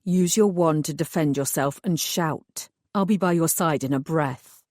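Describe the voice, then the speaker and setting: A woman voicing a kind, protective male fairy who speaks quietly and earnestly in an audiobook. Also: low-pitched, measured pace, no echo, studio quality.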